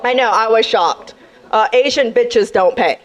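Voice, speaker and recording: A woman's voice: fairly high pitch, unhurried, highs cut off, slight background noise. A young woman doing a brash, sassy stand-up set on a comedy club stage, talking straight to the crowd.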